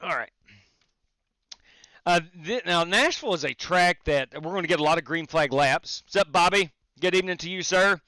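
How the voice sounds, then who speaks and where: A man's voice: high voice, lively intonation, moderate pace, sharp tone, no room sound. A man streaming a sim race, chatting casually and greeting viewers while he drives. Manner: frequent fillers and restarts. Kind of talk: casual live-stream commentary.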